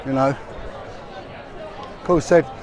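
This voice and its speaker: A middle-aged vlogger with a mid-range voice rambles very slowly through busy city streets on a walking livestream, his intonation fairly even. He keeps restarting and filling gaps, while crowd noise, passers-by and street sounds surround him.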